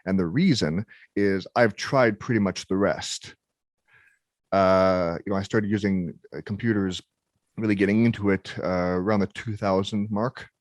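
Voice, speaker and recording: A man's voice: low voice, no echo, clean studio sound. A man in his thirties hosting a tech podcast, talking casually with many restarts and fillers. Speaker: podcast host. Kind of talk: casual conversation.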